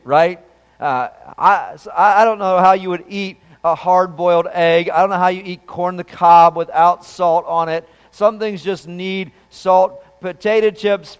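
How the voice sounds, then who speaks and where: A man preaching in a church with a fairly high, smooth and resonant voice. He keeps it conversational, putting questions to the congregation. His voice carries a long hall reverb from the sanctuary. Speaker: pastor. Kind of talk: sermon.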